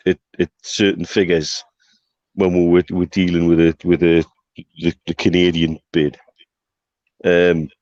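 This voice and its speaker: Emphatic low-voiced man. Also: darkish tone, no echo, lo-fi sound. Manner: emphatic, repeats words when stressing a point. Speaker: podcast co-host. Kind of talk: casual football chat.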